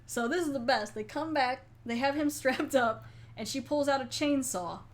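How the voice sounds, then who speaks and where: A woman hosting a podcast, retelling a horror episode in an animated, chatty way. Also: high-pitched, moderate pace. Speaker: podcast host. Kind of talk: casual film review chat.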